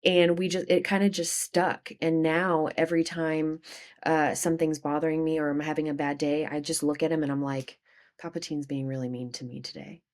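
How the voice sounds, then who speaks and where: Low-voiced woman telling a candid story. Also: normal speed. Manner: animated, swings from quiet to loud outbursts. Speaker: podcast guest.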